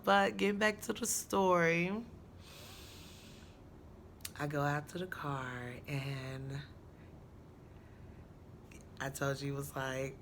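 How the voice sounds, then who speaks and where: A woman's voice: on the low side, a bit bright. A young woman telling a personal story in a casual, frank, chatty way, laughing often. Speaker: storyteller vlogger.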